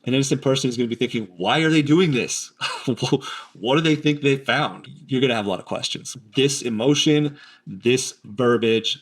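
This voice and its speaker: A man hosting a commentary, explaining his analysis of recorded statements in an emphatic, explanatory way. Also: mid-range voice.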